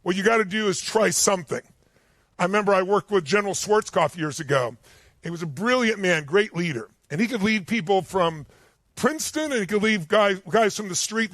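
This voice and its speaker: A man giving a motivational seminar speech to a live audience, telling stories in an emphatic, animated way. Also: high-pitched, no echo. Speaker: motivational speaker. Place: stage before a live audience.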